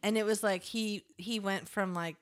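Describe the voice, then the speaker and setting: A woman's voice: mid-range voice, steady tone, moderate pace. A young adult woman co-hosting a podcast in casual chat, giggly and playful, joking about her own bad accents. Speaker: podcast co-host.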